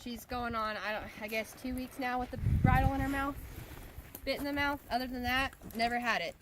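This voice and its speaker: A woman's voice: a little high, fairly even intonation, fairly quick. Chatty woman horse trainer, outdoors. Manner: chatty, repeats key words for emphasis. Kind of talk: instructional commentary while riding. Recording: noisy outdoor audio with hoofbeats.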